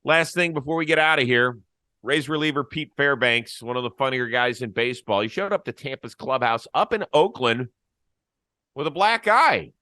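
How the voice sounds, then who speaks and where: A man's voice: medium pitch, moderate pace, bright, forceful tone, no room sound. A man hosting a sports talk show, chatting in a wry, easygoing way and laughing easily. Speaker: host.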